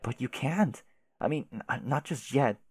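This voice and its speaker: A man doing a patient companion, hushed and coaxing, steady under strain, read aloud from a comic. The voice stays gentle and low-key while urging her on. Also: moderate pace, breathy edge, dry recording.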